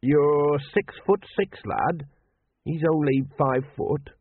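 A man puts on a fretful old dwarf king, a father who stumbles and hedges with ums and half-finished starts. The voice is a touch husky and sits in a plain middle register. It comes over a dry, tinny, phone-like line, like a storybook read down the wire. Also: on the high side, no echo, voice pushed up. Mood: worried. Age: older. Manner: hesitant, halting, full of ums and trailing restarts.

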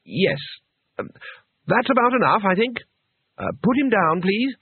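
A man putting on a fussy, eager tourist with a high voice. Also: very animated, moderate pace, breathy edge, no room sound, full character voice. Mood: hesitant. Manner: high, bright, anxious and apologetic. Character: eager naive male tourist, fussy and polite. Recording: tinny, dry, phone-like audio.

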